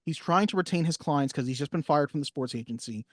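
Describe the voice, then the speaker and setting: A man co-hosting a casual film podcast, talking at length and acting out movie lines with lively emphasis. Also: on the high side, fast talker, no echo, studio quality. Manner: animated, acts out movie lines. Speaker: podcast co-host.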